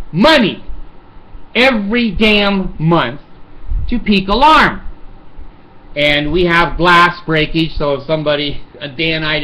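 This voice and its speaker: A man's voice: on the high side, pushed and bright, poor audio. An older man telling a rambling, profane story in a casual monologue, chuckling often. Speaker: vlogger.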